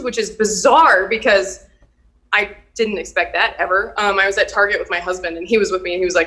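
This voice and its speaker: A woman's voice: medium pitch, brisk, pushed and bright, poor audio. A woman from Minnesota with a Minnesotan accent, chatting as a guest and laughing easily. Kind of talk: casual chat.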